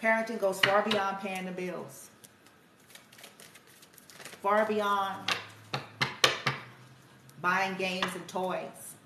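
A woman's voice: medium pitch, steady tone, very slow, pauses often, distant mic, heavy background noise. A woman telling a reflective, conversational story about her parenting, quoting her son and herself as she goes. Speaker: spiritual healer and parent vlogger. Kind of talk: casual storytelling monologue. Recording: echoey room, somewhat off-mic, faint ambience.

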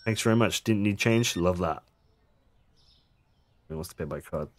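A man's voice: low-pitched, normal speed, background noise. A man casually commenting on his gameplay, chatty and jokey, swearing now and then and making asides to his viewers. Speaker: gaming streamer.

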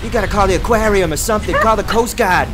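A man's voice: quick pace, loud music behind the voice, natural voice. Man putting on a frantic Boston fisherman. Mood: freaking out. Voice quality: shrieking, high and frantic. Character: excitable young Boston fisherman, man, panicky.

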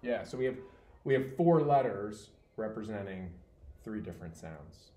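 A man's voice: fairly low pitch, lively intonation, normal speed, mellow. A man tutoring one student in reading, patient and encouraging, praising each answer. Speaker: teacher. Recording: roomy with faint ambience.

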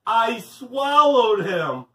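A man's voice: very high voice, big pitch swings, a little fast, darkish tone, pitched above the performer's own voice. A man voicing a cheeky young schoolboy who is a playful show-off. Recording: roomy, distant mic.

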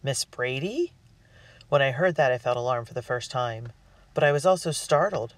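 A man narrating a storybook in the first person with an earnest, expressive delivery. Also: mid-range voice, a little fast, no echo. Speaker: audiobook reader. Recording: dry, distant mic.

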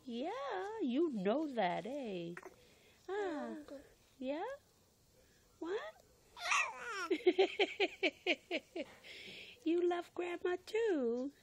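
An older grandmother speaking in sing-song baby talk, her voice high and swooping wildly from note to note. She drawls each word out very slowly, coaxing with endless little questions. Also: very animated, mellow. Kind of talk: home video baby talk.

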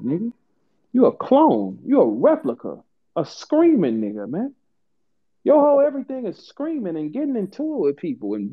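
Taunting man on a tinny phone line. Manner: profane, taunting and boastful, swings from low mutters to high outbursts. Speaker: host of an online audio room. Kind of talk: heated live audio chat.

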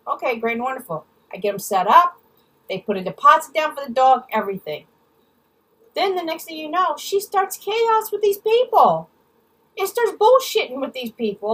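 A woman's voice: high-pitched, very animated, moderate pace, fairly bright tone, recorded from a distance, low-quality recording. A woman ranting angrily and bluntly in a storytime vlog, swearing freely and mimicking other people's words. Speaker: vlogger.

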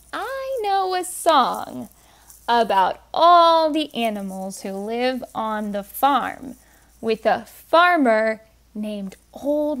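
Leading story time for little kids, a young woman with a fairly high, slightly bright voice teaches toddlers words. She sounds them out letter by letter in a sing-song tone and prompts the children to repeat them.

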